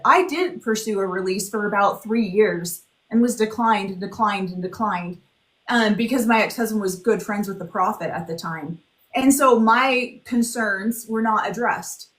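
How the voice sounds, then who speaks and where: A woman in her forties, a guest in an interview, talking bluntly and telling her story in a lively, candid way. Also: medium pitch, moderate pace. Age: 40s. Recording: roomy echo.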